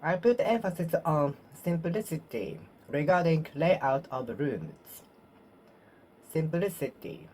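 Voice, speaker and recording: A woman whose first language is Japanese, speaking English to herself in a slow self-study monologue, repeating words and correcting her phrasing. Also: sits low, big pitch swings, a little mellow, slight background noise. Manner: slow, repetitive, self-correcting practice speech. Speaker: vlogger practicing English.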